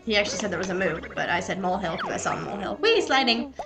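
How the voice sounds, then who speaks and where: A young adult woman giving chatty, excitable gameplay commentary and talking back to the game characters. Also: mid-range voice, very fast, rough recording. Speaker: let's play gamer. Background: game music.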